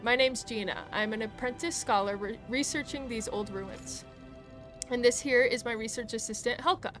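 A woman's voice: a little high, normal speed, close to an everyday voice. A woman reading out a young apprentice scholar. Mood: friendly. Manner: reading game dialogue aloud in her own voice. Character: young female apprentice scholar researching ruins. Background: game music.

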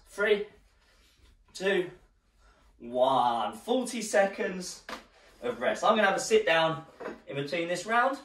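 With a slightly high, a bit bright voice, a male instructor leads a live workout class. He counts down the rounds while exercising, slightly out of breath, and the recording has roomy echo from a distant mic.

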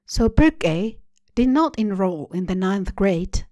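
A woman hosting a storytelling show, reading a translated short story aloud in a measured, deliberate way. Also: medium pitch, expressive, a little mellow, no room sound. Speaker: story reader. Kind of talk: literary reading.

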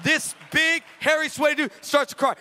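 A young male preacher tells a story from the pulpit, his voice unusually high for a man. His tone is sharp and bright, and he throws himself into it, jumping from shouted lines to quiet, hushed asides. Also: normal speed. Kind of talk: sermon. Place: large hall with live audience.

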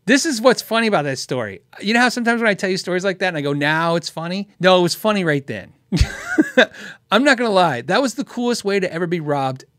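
A man's voice: high-pitched, fast, no room sound, clean studio sound. A man from Tucson hosting a guitar question show, telling a story casually and laughing often. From Tucson, Arizona. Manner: animated, laughs often, acts out quotes.

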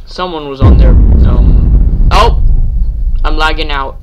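A man's voice: a little high, takes it slowly, muffled recording, very noisy. A man giving jumpy, nervous commentary while playing a horror game, yelping at scares and chattering to himself. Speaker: let's play gamer.

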